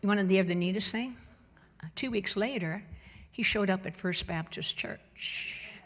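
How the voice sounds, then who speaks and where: Husky woman telling stories in a church. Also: medium pitch. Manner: lively, animated storytelling with laughter. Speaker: church conference speaker. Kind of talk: personal testimony storytelling. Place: church sanctuary. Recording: long reverb from a church hall.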